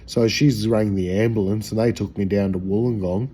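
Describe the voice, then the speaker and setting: Australian bloke, husky and dark-toned, casual rambling storyteller, swears freely. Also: male voice, fairly low pitch, steady tone, moderate pace. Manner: rambling, profane, slangy. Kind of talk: casual anecdote.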